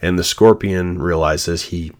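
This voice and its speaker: On his devotional podcast, a low-pitched man speaks at a measured pace in a steady tone. He is earnest and reflective as he tells his personal story.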